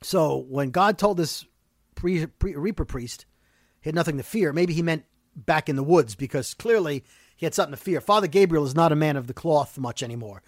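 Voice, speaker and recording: A man hosting a casual chat that recaps a TV episode, talking fast and ranting about plot holes. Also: a little high, dry recording, studio quality. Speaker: podcast host recapping a TV episode.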